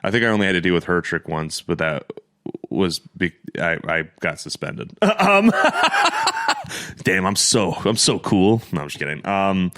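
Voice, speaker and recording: Animated young man telling stories. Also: low voice, normal speed. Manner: animated, profane, laughs often. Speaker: podcast co-host. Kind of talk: casual chat, storytelling.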